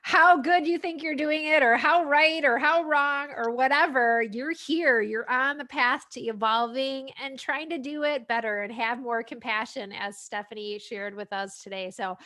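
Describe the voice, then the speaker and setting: A woman's voice: sits high, moderate pace, few pauses, pushed and bright. A woman podcast host thanking listeners and closing the episode in a grateful sign-off. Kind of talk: podcast hosting and scripted outro.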